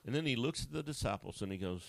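Animated male preacher, dry close sound. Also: quick pace, vocal fry, no echo. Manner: animated, acts out voices with sudden high pitch jumps; conversational and joking, with asides to a co-host. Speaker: pastor. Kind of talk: sermon.

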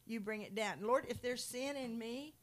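A woman in a Christian conversation, teaching from the Bible with animated storytelling and acted-out quotes. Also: on the high side, normal speed. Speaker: Christian speaker.

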